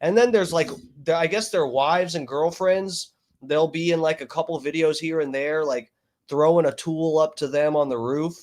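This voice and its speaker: A man's voice: on the high side, moderate pace, a little mellow. A man streaming casual commentary over videos, rambling and profane, with many fillers.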